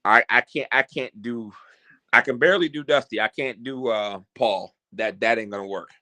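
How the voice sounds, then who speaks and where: A man's voice: mid-range voice, normal speed, sharp tone. A man hosting his own vlog, rambling and joking with theatrical announcer-style openings. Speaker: host. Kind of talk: casual vlog chat.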